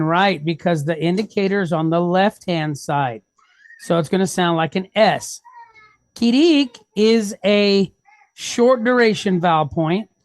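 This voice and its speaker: A woman's voice: mid-range voice, a little mellow, no echo. A woman teaching a reading lesson, patiently sounding out each syllable and checking in with the class. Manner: sounds out syllables slowly, step by step.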